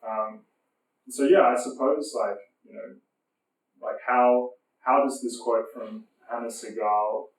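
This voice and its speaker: A man's voice: mid-range voice, steady tone, takes it slowly. A man hosting an interview, hesitant and full of fillers. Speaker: host. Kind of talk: casual interview questions. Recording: very echoey room, distant mic, faint ambience.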